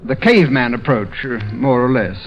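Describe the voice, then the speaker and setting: Heard on a dull 1930s radio broadcast from a studio, a British comedy guest with a mid-range voice speaks animatedly at a moderate pace. His banter is dry and rueful, and he's quick to put himself down.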